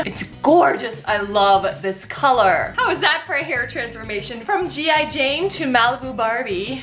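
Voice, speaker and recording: A woman hosting a casual vlog to camera, bubbly and giggly, often swooping up in pitch with excitement. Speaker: vlog host reviewing a wig.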